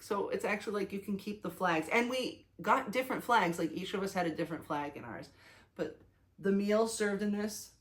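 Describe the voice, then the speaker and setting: A young woman vlogger talks to the camera in a casual video, excited and chatty, with plenty of fillers and restarts. Her voice is medium in pitch.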